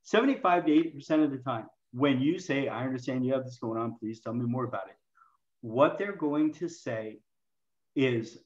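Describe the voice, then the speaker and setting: A man speaking as a guest in an interview, explaining communication to health practitioners in an animated way and acting out quoted lines. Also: medium pitch, fairly quick, reverberant, lo-fi sound. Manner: animated, acts out patients and himself in quoted lines. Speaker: health coaching expert guest.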